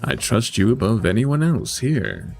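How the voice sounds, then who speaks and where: A man voicing an ambitious, power-hungry male agent boss in a tabletop game, smooth, persuasive and commanding. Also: medium pitch, sing-song, unhurried, faint music behind.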